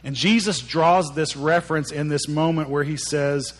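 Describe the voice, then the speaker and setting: A male pastor delivers a sermon in a loose, conversational manner, slipping into the voices of the people in his stories. His voice sits a little higher than most men's. He often doubles back on his words as he speaks. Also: fairly even intonation, moderate pace, few pauses. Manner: conversational storytelling, acts out characters' lines, frequent repeated words.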